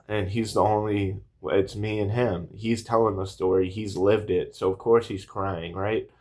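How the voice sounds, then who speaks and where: A man in his thirties speaks to camera in a low voice that barely rises or falls. He rambles earnestly through a personal story, restarting sentences and leaning on fillers. He sounds a little emotional throughout. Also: little pitch movement, a little slow, a little mellow. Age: 30s. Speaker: vlogger.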